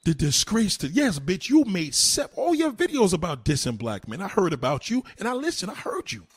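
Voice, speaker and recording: A man delivering a heated, profane rant to the camera, swinging between low mutters and loud insulting outbursts. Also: wildly swooping pitch, normal speed, breathy edge.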